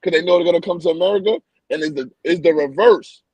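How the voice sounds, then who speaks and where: A man with a somewhat high, husky voice full of gravelly fry, talking in a casual podcast chat. He pushes his opinions hard, doubles back on words and repeats points for emphasis. The sound is close and dry, with no room around him. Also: quick pace, a little mellow, no room sound, dull audio.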